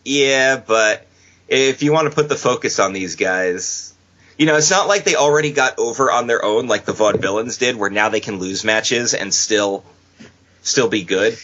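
A man hosting a casual podcast, chatting and joking with quick asides. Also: medium pitch, sharp tone. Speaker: podcast host. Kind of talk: casual wrestling podcast chat. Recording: dull lo-fi podcast audio.

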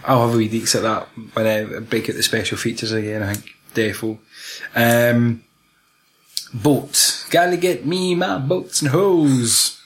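A man's voice: medium pitch, steady tone, unhurried. A Scottish man chatting casually about a film, full of slang and swearing.

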